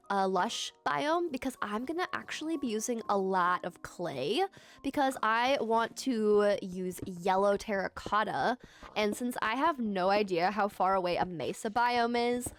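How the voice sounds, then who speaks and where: A woman giving relaxed, soft-spoken commentary while playing a building game, at times squealing with excitement. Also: mid-range voice. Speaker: gaming commentator.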